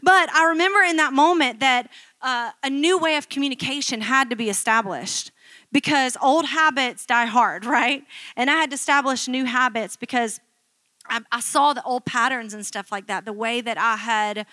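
A woman's voice: high voice, moderate pace, sharp tone, dry recording. A middle-aged woman pastor preaching a sermon in a chatty, self-mocking storytelling way, acting out quotes from her own life.

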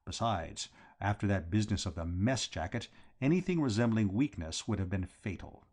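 Expressive male audiobook narrator. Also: on the low side, normal speed, husky. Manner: expressive, lively character narration. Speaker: audiobook reader. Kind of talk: audiobook narration of a comic novel.

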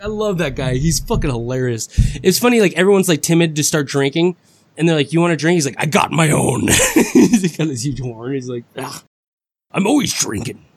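A man co-hosting a casual chat, excitable and profane, acting out quotes with big jumps in pitch. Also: fairly quick. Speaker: podcast co-host.

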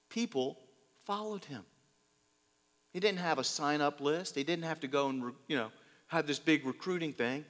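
Male pastor, slightly high voice, lively storyteller, long hall reverb. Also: moderate pace, long pauses. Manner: lively storytelling, shifts loud and soft, laughs. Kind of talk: sermon.

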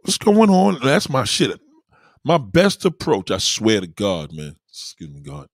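A man's voice: on the low side, wildly swooping pitch, unhurried, no room sound, clean studio sound. A man giving dating advice in a casual, profane monologue full of street slang. He keeps checking in with the listener. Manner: keeps asking "you know what I mean".

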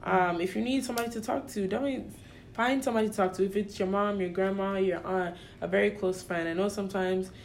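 A woman's voice: mid-range voice, fairly even intonation, quick pace, vocal fry, slight background noise. A young woman on a podcast, giving heartfelt, encouraging advice in casual chat. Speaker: podcast co-host or guest.

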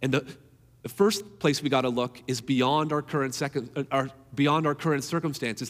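A man's voice: mid-range voice, normal speed, a bit bright, in a large hall. A man preaching a sermon in an earnest, emphatic way, repeating key phrases to drive them home.

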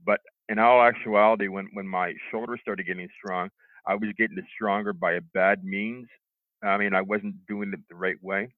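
A middle-aged man telling how he recovered from a stroke, halting, with lots of restarts and fillers. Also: lowish voice, steady tone, no echo. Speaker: stroke survivor interviewee. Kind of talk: telling his own recovery story. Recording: tinny phone line, dry.

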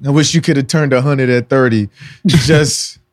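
A man's voice: mid-range voice, moderate pace. A male podcast co-host, joking bluntly and profanely in casual chat.

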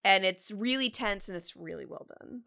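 A woman's voice: medium pitch, moderate pace, gravelly, sharp tone. A woman co-hosting a podcast, enthusiastically discussing a classic film. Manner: enthusiastic, opinionated, swears. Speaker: podcast co-host.

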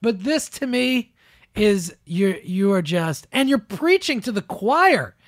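A man's voice: sits high, sing-song, takes it slowly, dry recording, studio quality. A man hosting a podcast, ranting sarcastically about the news in casual chat. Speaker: podcast host. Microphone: close studio mic.

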